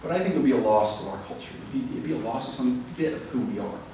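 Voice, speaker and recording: A man giving a lively, conversational public lecture to a library audience, then taking questions. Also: mid-range voice, very fast. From American South. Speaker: author giving a library talk. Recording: roomy echo, distant mic, faint background noise.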